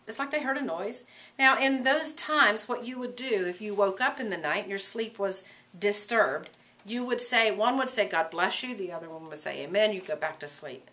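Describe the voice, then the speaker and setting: A woman teacher explaining a play to her class in an animated way, asking the class rhetorical questions. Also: medium pitch.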